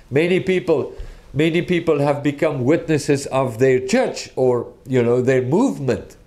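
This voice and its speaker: A man's voice: on the high side, warm tone. Earnest man teaching a sermon. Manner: earnest, deliberate, with frequent restarts. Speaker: preacher.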